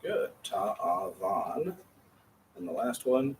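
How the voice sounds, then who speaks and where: Low-voiced man teaching a Hebrew class. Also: big pitch swings, drawn-out words, roomy sound. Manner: patient, encouraging, models sounds syllable by syllable. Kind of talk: classroom reading drill. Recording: distant mic with faint room noise.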